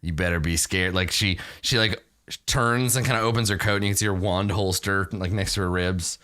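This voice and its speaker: A man running a tabletop role-playing game as game master, narrating scenes in an animated way. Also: on the low side, fairly quick. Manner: animated storytelling, voicing characters.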